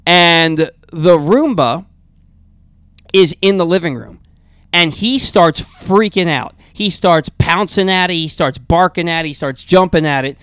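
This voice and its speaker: A male talk radio host telling a long, animated story in a rambling, casual way with frequent restarts. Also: fairly high pitch, a little slow, clear, resonant tone, dry recording, clean studio sound.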